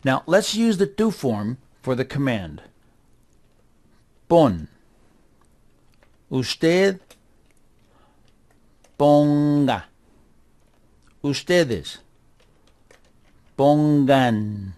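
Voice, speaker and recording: A middle-aged man teaching a kids' class at a very unhurried pace, with a voice of ordinary pitch. He drills words one by one and repeats each one patiently. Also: very animated, darkish tone. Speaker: Spanish teacher. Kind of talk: slow, deliberate classroom instruction for kids.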